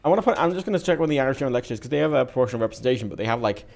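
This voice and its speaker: A man explains at length in casual podcast talk, stumbling and restarting as he goes. His voice sits at an ordinary middle pitch. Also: animated, gravelly, darkish tone. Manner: rambling, halting explainer with restarts. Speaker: podcast co-host.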